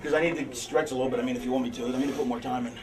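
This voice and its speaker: A man's voice: medium pitch, steady tone, rapid-fire, recorded from a distance, a crowd in the background, poor audio. A man backstage walking through a planned wrestling match, rambling and profane, with many fillers and restarts.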